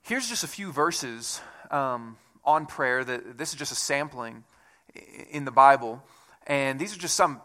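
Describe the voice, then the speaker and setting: His delivery is moderately paced and conversational as he preaches to the congregation in the manner of a pastor. The high, bright voice stays lively and clear, and he pokes fun at himself along the way.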